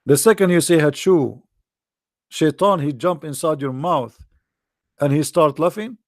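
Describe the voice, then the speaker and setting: A man with a raised pitch and a gravelly, creaky edge speaks in non-native English, sarcastic and mocking throughout. The sound is close and dry, with no room around it. He stretches quoted lines out slowly, as if savouring their absurdity. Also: lively intonation, no echo. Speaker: religion critic commentator. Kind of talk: mocking monologue commentary.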